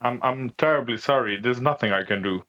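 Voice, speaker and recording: A man's voice: mid-range voice, brisk, sharp tone, low-quality recording. A man playing a tabletop game who speaks politely and often stammers over his words. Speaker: player. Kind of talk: casual tabletop game play.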